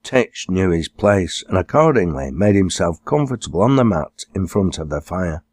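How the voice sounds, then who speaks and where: A man, the author, reading his own novel aloud as expressive audiobook narration. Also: deep voice, moderate pace, breathy edge, no echo, studio quality. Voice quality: expressive storytelling.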